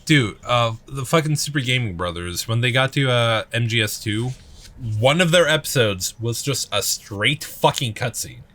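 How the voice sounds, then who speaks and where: A man's voice: medium pitch, lively intonation, moderate pace, sharp tone. A man co-hosting a let's play, chatting casually about games with lots of fillers, restarts and swearing. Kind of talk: casual chat while gaming.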